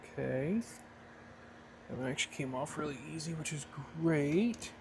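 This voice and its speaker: In this casual workshop tutorial, a man builds a flight-sim throttle as a hobby, soldering at his workbench, musing aloud and correcting himself along the way. He speaks at a moderate pace in an expressive voice that sits on the high side, with background noise behind him.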